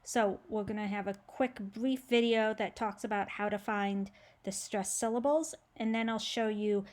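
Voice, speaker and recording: A woman teacher talks her class through the next step in a relaxed, conversational way. Her voice sits at an ordinary middle pitch. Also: moderate pace. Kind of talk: casual classroom explanation.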